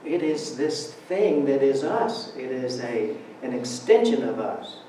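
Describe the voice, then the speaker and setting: Very animated yet slow, a man with a mellow, medium-pitched voice shares funny stories in a conversational Sunday talk, drawing laughter. He's in a church sanctuary, recorded from a distance in the roomy hall, with a little hiss or hum.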